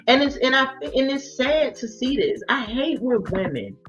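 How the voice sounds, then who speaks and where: A woman's voice: sits high, sing-song, moderate pace, hardly any pauses, fairly bright tone. A woman giving a blunt, exasperated recap of a reality show, acting out the people she quotes. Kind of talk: opinionated casual recap. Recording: dull lo-fi sound with faint music.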